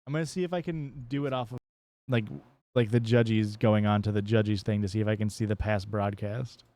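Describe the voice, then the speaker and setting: A man's voice: fairly low pitch, steady tone, a little fast, a little mellow. A man streaming a game live, chatting casually and joking with chat, often swearing playfully.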